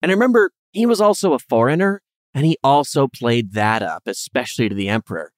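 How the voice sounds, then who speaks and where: Guy doing a comedy history podcast, super lively pitch, dry close sound, faint music. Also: brisk, no room sound. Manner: animated, acts out characters in funny voices. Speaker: podcast co-host. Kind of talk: casual history storytelling.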